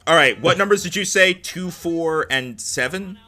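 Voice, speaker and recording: Bright-voiced man narrating a game. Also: on the high side, normal speed. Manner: joking asides between dramatic narration. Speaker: let's play host. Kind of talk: reading game text aloud with commentary.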